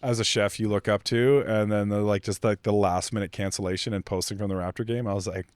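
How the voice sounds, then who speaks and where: A man, a chef guest on a podcast, telling stories casually with lots of fillers, getting animated when annoyed. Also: on the low side, quick pace, clean tone, dry recording. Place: podcast studio.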